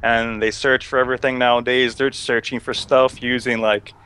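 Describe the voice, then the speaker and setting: A young male co-host talking casually over a game, halting and filler-heavy as he explains. His voice is bright and smooth, clean in tone. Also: mid-range voice, little pitch movement. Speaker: podcast co-host. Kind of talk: casual chat while gaming.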